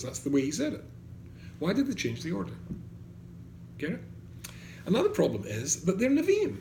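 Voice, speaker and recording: This rabbi's voice is fairly high with a darkish tone as he gives an animated Torah lecture to a class. He quotes Hebrew verses, translates them and puts questions to the students. Faint background noise and room echo are present.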